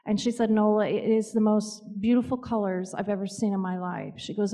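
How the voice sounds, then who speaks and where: A woman with a mid-range voice tells personal stories in a gentle, reflective way. She pauses often as she speaks. Her voice rings with the long reverb of a hall. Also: medium pitch, fairly even intonation. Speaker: co-author and speaker. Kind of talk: storytelling talk.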